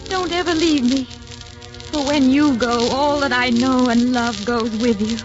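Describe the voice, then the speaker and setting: A torn-up aristocratic lady in an old radio play, shaky and emotional, kinda high, muffled old broadcast with music behind. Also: fairly even intonation, a little slow. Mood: anguished. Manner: emotional, tremulous theatrical delivery. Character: Lady Emma Hamilton, anguished aristocratic lover. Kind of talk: 1940s radio drama acting.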